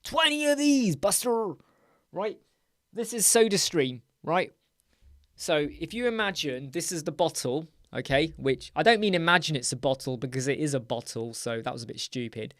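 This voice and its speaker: A man hosting a live Q&A stream, chatty, rambling and quick to get excited as he reads out and answers viewers' comments. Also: fairly high pitch, no echo, studio quality. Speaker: host.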